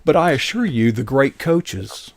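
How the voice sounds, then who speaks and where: A man's voice: mid-range voice, lively intonation, a little slow, gravelly, no room sound. A man hosting a casual interview, talking in a rambling way that takes detours before reaching his point. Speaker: host.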